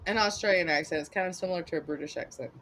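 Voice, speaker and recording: A woman in her forties with a Southern US drawl chats through a live online show from her home. Her voice is bright and forceful, and she talks loosely, often breaking into laughter. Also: on the low side, racing. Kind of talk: casual chat.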